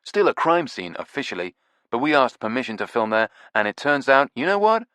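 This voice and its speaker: A man voicing a brash, excitable male TV presenter who talks loudly and laughs at his own jokes. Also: medium pitch, a little fast, clean tone, no room sound, pitched above the performer's own voice. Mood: gossipy. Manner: loud, pushy, slangy, laughs at own jokes. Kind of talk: audiobook character voice.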